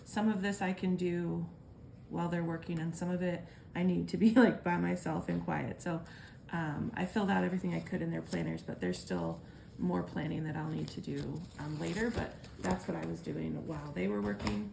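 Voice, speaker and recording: A homeschooling mother in her thirties talks at home with a gravelly, crackly edge to her voice. Her delivery is relaxed and lightly sarcastic. A steady hum of background noise runs under the recording. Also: on the low side, normal speed. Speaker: homeschooling parent and vlogger. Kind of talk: casual chat and reading aloud to kids.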